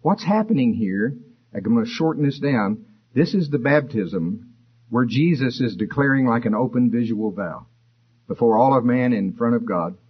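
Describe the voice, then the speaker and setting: Man, preacher, sermon, husky voice, muffled lo-fi recording. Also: mid-range voice, animated, moderate pace. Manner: expository, conversational, rises for emphasis.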